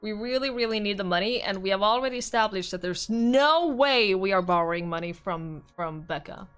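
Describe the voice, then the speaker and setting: A woman streamer reading a visual novel aloud with expressive narration and laughing commentary. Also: medium pitch, fairly quick, clean tone, soft background music.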